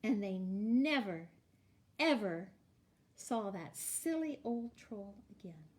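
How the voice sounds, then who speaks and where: A woman librarian reading a storybook aloud to young children in a playful, expressive way. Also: mid-range voice, takes it slowly, slight background noise.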